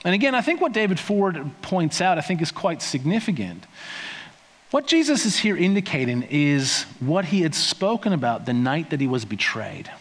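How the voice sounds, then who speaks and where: A man's voice: on the high side, big pitch swings, normal speed, fairly bright tone. Man preaching in a reverberant hall. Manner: conversational, playful asides, acts out quotes. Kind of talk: sermon.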